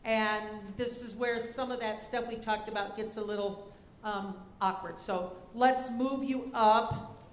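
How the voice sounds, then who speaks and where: A woman serving as a spelling bee pronouncer, reading words and definitions deliberately, spelling letters out slowly, and giving stage directions to contestants. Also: fairly high pitch, fairly even intonation. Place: school auditorium. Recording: echoey auditorium with faint noise.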